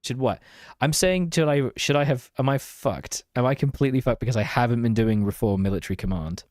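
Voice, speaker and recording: A man's voice: mid-range voice, brisk, a little mellow, no echo, studio quality. Self-mocking young man streaming a game. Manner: self-mocking, chatty, reads and answers chat. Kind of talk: casual live-stream gameplay chat.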